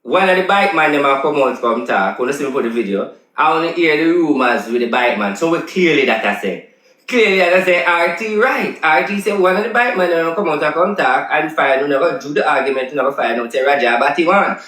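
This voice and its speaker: A man's voice: on the high side, lively intonation, brisk, fairly bright tone, roomy sound, poor audio. A man with a Jamaican accent, a self-styled prophet vlogger, talking insistently and repeating himself as he makes his case. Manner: insistent, repetitive, emphatic. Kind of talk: casual ranting commentary.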